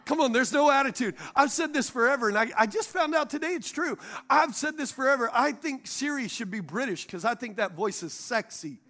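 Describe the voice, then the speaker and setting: A male pastor with an unusually high voice delivers a sermon from the stage microphone. He jokes and pulls the congregation into call-and-response. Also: lively intonation, a little fast, hardly any pauses, sharp tone. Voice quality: high voice for a man. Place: church sanctuary.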